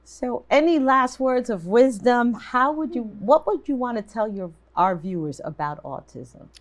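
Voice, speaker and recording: A woman's voice: fairly high pitch, lively intonation, a little slow. An older woman hosting a talk show interview, asking questions and affirming her guests. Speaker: host.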